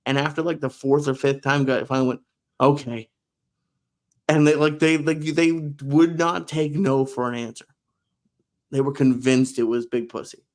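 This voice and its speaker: A man's voice: medium pitch, fairly even intonation, moderate pace, darkish tone. Self-deprecating man telling a story. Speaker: podcast co-host. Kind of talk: casual chat.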